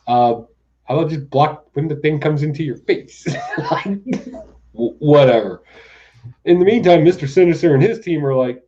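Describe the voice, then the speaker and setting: A man's voice: mid-range voice, normal speed, mellow. Man, comic podcast host, rambling, laughing, sarcastic, slightly dull lo-fi sound. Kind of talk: casual comic review chat.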